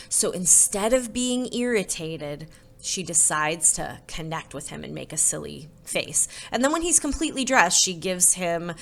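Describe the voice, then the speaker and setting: Expressive woman storybook reader. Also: on the low side. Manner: expressive, conversational, says "right?". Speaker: storybook reader and parenting presenter. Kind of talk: children's storybook reading then parenting tips.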